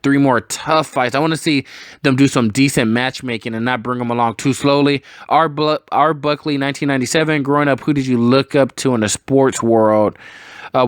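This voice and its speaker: A man's voice: medium pitch, fairly bright tone, dry recording. A man answering viewer comments in a blunt, rambling way, swearing a lot as he chats. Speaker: sports vlogger answering comments. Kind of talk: casual profane chat.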